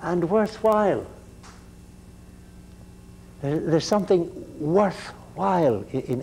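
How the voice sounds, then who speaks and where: Mellow, joking male lecturer. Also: a little high. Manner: digressive, joking, conversational. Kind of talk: classroom lecture.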